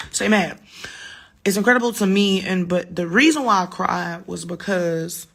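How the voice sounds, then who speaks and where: A woman's voice: lowish voice, measured pace, vocal fry, a bit bright. A woman in her thirties, a little drunk, rambling casually and profanely to fans in a late-night phone livestream.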